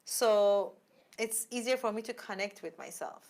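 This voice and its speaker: A woman's voice: mid-range voice, a little slow, darkish tone. A woman co-hosting a casual talk show, telling a personal story and acting out the dialogue. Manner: chatty storyteller, acts out quoted dialogue. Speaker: podcast co-host. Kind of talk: casual chat.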